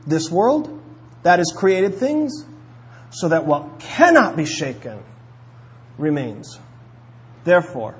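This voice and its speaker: Guy preaching, kinda husky, leans hard on the big words then drops low, muffled recording. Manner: emphatic, swings between loud stresses and low endings. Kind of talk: sermon.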